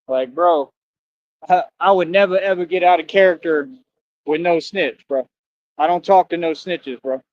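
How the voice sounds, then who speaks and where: A man with a high voice delivers a boastful, taunting street rant on a livestream, heavy on slang. The sound is dry and a little muffled. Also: no echo. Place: outdoors on a street.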